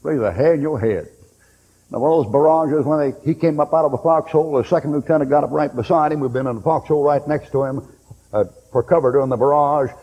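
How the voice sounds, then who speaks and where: An older man preaching a sermon, telling folksy war stories and breaking into loud bursts. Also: on the high side, fast talker, slightly rough, lo-fi sound. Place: church hall. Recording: long hall reverb.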